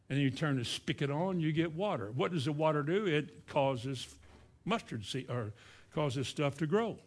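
A man preaching a sermon in a folksy way, acting out little scenes and asking his listeners questions. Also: a little high. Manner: folksy, acts out boastful voices, asks the congregation questions.

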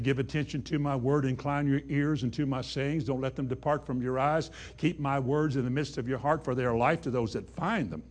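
A man preaching a sermon in a folksy way, dropping to a hush and then rising to emphatic declarations. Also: medium pitch, husky. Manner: folksy, swings between hushed and emphatic. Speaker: pastor.

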